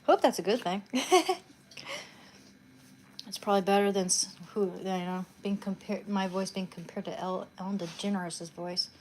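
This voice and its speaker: A woman's voice: medium pitch, steady tone, normal speed, a little mellow. Young woman, live streamer, casual rambling chat, bedroom, phone mic, faint background noise. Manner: chatty, rambling asides. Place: bedroom at home.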